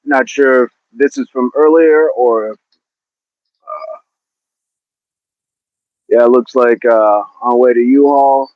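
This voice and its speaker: An upbeat man chats casually through an outdoor fitness live stream in a park. He greets viewers by name and repeats his words as he warms up. His voice sits at an ordinary pitch and sounds dry and close, with no echo. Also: slow pace, long pauses, muffled recording. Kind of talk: casual live-stream chat while warming up.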